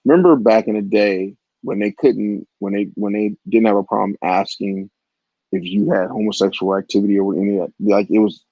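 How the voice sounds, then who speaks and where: A man's voice: fairly low pitch, warm tone, breathy edge, dry recording. A man in his forties telling a raunchy personal story in a crude, rambling way, with frequent asides to the listener. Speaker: vlogger. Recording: dull, lo-fi, dry audio.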